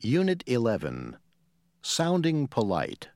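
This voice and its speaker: Male course announcer, slow and deliberate, lively pitch, dry booth. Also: no echo. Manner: slow, measured reading. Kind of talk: scripted instructions.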